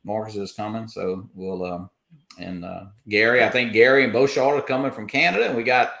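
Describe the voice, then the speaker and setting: A man with a gravelly, creaky voice hosts a relaxed livestream, wandering through announcements with plenty of "uh"s. His voice rings in a roomy, echoey space. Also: lowish voice, fairly quick. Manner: relaxed, rambling announcements with many fillers. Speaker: host. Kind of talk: casual livestream chat.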